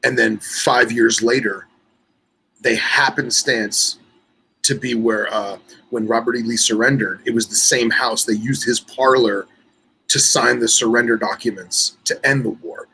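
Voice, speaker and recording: A man's voice: mid-range voice, steady tone, unhurried, vocal fry, pushed and bright, breathy edge, low-quality recording. A man co-hosting a casual podcast chat, a little congested and nasal, rambling through stories and reading an article aloud. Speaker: podcast co-host.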